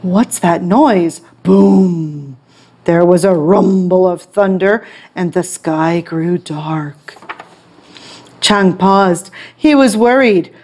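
Woman storytime teacher reading a picture book; slow, clear, expressive. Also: lowish voice. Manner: expressive, clear read-aloud.

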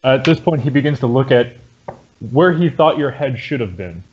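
A man running a tabletop game as game master, describing scenes in a relaxed way. His voice sits in a middle register, and the recording sounds dull and lo-fi. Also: medium pitch, moderate pace.

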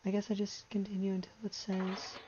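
Young woman, streamer, live gameplay commentary, anxious, exasperated, mellow voice, slightly muffled mic. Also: mid-range voice, monotone, brisk, slight background noise.

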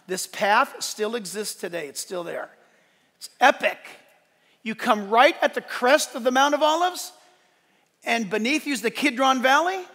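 A male pastor preaching a sermon in a church, animated and joking, acting out quotes as he goes. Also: very high-pitched, normal speed, big-room sound. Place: church sanctuary.

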